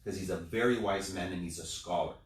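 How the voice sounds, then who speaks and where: A man telling a story plays a young rabbi in his late twenties who teaches in a measured, thoughtful way. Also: sits low, natural voice. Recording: roomy sound, distant mic.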